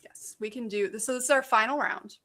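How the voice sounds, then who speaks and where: A woman's voice: a little high, fairly quick, pushed and bright. A woman co-hosting a podcast in casual chat, cheerfully running a game for the guests. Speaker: podcast co-host.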